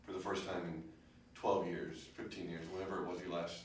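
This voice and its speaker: A male interviewer asking long, halting questions full of restarts. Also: low-pitched, little pitch movement. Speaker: interviewer, host. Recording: roomy, far from the mic.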